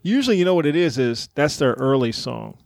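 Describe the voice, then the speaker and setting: A man's voice: medium pitch, sing-song, a little fast, vocal fry, dry recording, studio quality. A man co-hosting a casual podcast chat, joking and laughing often. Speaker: podcast co-host.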